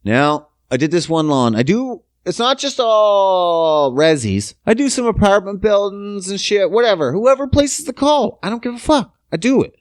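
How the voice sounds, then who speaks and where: A man's voice: high voice, sing-song, normal speed, hardly any pauses, dry recording, clean studio sound. A man, hosting a podcast and telling a crude, self-mocking comic story. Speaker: podcast host.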